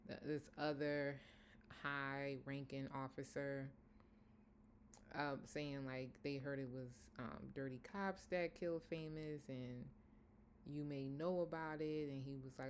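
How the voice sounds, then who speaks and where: A woman's voice: very deep voice, fairly even intonation, unhurried, a little hiss or hum. A woman casually recapping a TV episode in a rambling, conversational way with many fillers. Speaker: TV episode reviewer.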